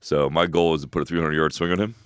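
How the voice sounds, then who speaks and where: Very deep-voiced, fast-talking man. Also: fairly even intonation, clear, resonant tone, no echo, clean studio sound. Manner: laughs loudly, talks fast with restarts. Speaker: podcast co-host. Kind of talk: casual chat, fitness advice.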